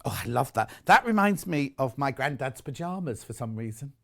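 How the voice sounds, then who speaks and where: A man's voice: mid-range voice, big pitch swings, fairly quick, gravelly, a bit bright. A British man presenting live on a shopping channel, chatty and gushing as he shows off fabrics. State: out of breath. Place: TV studio.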